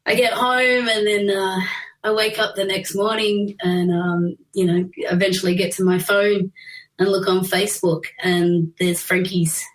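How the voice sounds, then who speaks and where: A woman singer, a guest, telling lively anecdotes in casual chat, laughing often and acting out quotes. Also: mid-range voice, a little slow, poor audio.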